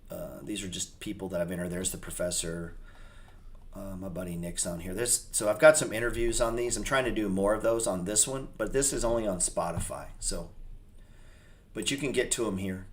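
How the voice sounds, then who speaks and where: A low-pitched man, with slight background noise, hosts a trading channel in a casual unscripted livestream chat. He talks loosely and profanely, rambling and joking.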